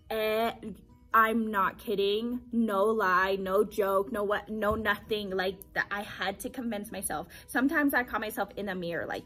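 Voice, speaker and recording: Breathy young woman telling teacher stories. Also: mid-range voice, unhurried, faint music behind. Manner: animated, acts out quoted voices, repeats phrases for emphasis. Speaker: teacher sharing her story. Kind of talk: casual storytelling vlog.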